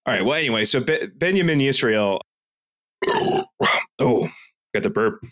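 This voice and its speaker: Podcast guy from philly, swears a lot, rants and reads reviews out loud. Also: mid-range voice, animated, normal speed. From Philadelphia area. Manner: profane, ranting, reads reviews aloud. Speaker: podcast co-host. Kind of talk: casual podcast banter.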